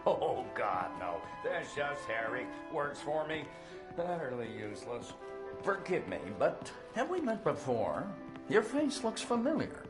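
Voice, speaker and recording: An actor playing a gruff studio owner in a video game, dry and condescending toward his assistant. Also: a little high, huge pitch swings, unhurried, over music.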